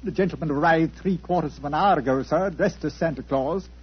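A man's voice: fairly high pitch, brisk, slightly rough. A man playing a polite, deferential and apologetic butler in a 1940s radio drama. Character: deferential, anxious male butler. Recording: dull 1940s radio broadcast.

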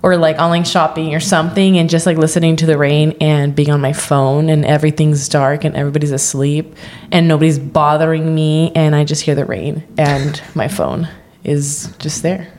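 A woman's voice: sits low, fairly even intonation, moderate pace, a little mellow, reverberant. A woman in her thirties, a podcast co-host, chatting casually with lots of "like" and a lilt. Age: 30s. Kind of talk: casual chat.

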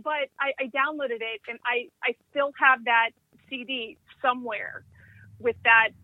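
Podcast co-host, woman, eager and gushing, slightly high voice, thin phone-like dry sound. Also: fairly even intonation, unhurried, no echo. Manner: enthusiastic, gushing storyteller. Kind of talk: casual chat. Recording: tinny phone-like line, dry.

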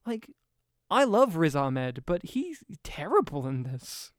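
A man with a high, smooth voice chats about a movie, swearing freely and slipping into mock quotes. The sound is close and dry. He talks like an animated co-host. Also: slow pace, no echo. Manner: animated, sweary, mimics lines. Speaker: podcast co-host. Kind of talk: casual film review chat.

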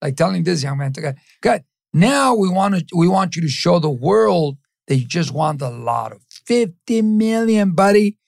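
High-pitched, gravelly man from East LA. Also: normal speed, few pauses, no echo, clean studio sound. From East Los Angeles. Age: middle-aged. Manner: animated, acts out voices in quotes, drops in Spanish phrases. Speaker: podcast guest. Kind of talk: motivational podcast talk.

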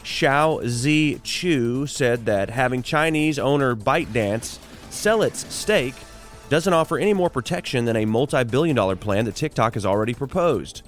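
A man's voice: medium pitch, animated, soft background music. A man hosting a morning radio show, reading trivia, ads and headlines with chatty asides. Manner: chatty asides and quick jokes between items.

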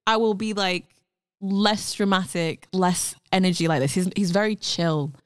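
A young woman, a guest on a casual talk show, telling stories with lively acted-out dialogue. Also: mid-range voice, a little slow, dry recording, studio quality. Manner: animated storyteller, acts out quoted dialogue. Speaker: guest, actor. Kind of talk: casual podcast conversation.

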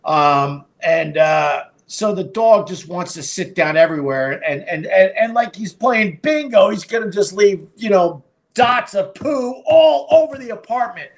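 A man's voice: high-pitched, lively intonation, a little slow. Rambling, foul-mouthed male live stream host. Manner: rambling, profane, with many fillers and restarts. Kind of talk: casual storytelling to a live stream.

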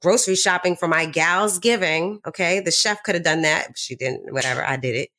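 Animated young woman telling a story. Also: lowish voice, brisk. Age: young adult. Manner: animated storytelling, acting out quotes. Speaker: podcast co-host. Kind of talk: casual podcast chat.

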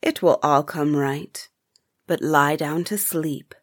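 A woman voicing a kindly magical cow in a folk tale, speaking softly and slowly. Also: low-pitched, fairly even intonation, no echo, studio quality, pitched below the performer's own voice. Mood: soothing. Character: gentle magical talking heifer, female.

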